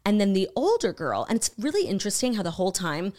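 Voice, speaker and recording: This podcast co-host has a medium pitch and speaks quickly, chatting casually as she retells a true crime documentary. She swears freely, stays animated, and acts out quotes.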